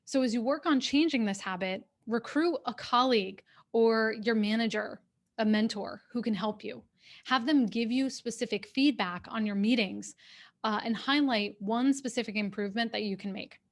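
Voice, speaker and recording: A woman executive coach giving a workshop talk over a video call, speaking in a clear, steady, instructive way. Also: on the high side, moderate pace. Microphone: webcam on a video call.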